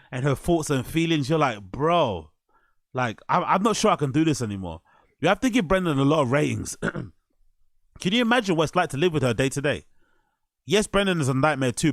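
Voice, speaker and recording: A man's voice: fairly high pitch, fairly bright tone, no echo, clean studio sound. A man hosting a reaction show, talking in a crude, rambling way and laughing easily. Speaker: host. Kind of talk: reaction commentary.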